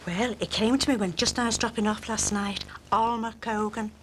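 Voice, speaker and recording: An actress playing a kindly widow who is easily thrilled. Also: female voice, mid-range voice, fairly even intonation, moderate pace, background noise, close to an everyday voice. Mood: eager. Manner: warm-hearted, easily thrilled. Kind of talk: TV soap acting.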